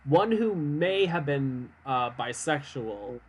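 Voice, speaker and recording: Lively young man streaming a game. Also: a little high, slow pace, breathy edge. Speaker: streamer playing a dating game. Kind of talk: casual chat, reading game text aloud.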